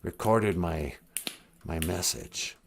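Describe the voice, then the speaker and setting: A man doing a comedy impression of a grumpy, raspy middle-aged male celebrity who sulks and grumbles. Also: low voice, slow pace, pitched below the performer's own voice, exaggerated voice. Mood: sulky.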